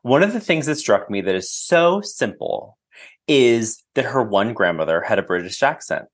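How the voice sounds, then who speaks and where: A man speaking as a podcast guest in a casual book discussion, earnest and animated. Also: mid-range voice, normal speed. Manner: earnest, animated, trails off and restarts when moved.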